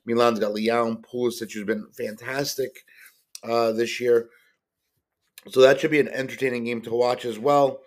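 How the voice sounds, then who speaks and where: A man hosts a solo sports-card podcast, chatting casually about soccer players at normal speed in a medium-pitched voice with little pitch movement. He rambles, fills space with ums and uhs, and keeps stopping to correct himself.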